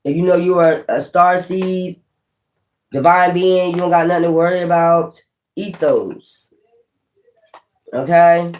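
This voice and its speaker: A woman's voice: lowish voice, measured pace, slight background noise, rough recording. A woman hosting a live stream as a tarot reader, rambling casually and talking straight to her viewers.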